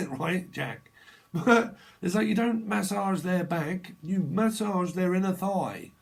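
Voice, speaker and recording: A man's voice: sits high, takes it slowly, gravelly, breathy edge. A man giving a casual, off-the-cuff tarot reading, rambling through jokey, slangy wordplay. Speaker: tarot reader.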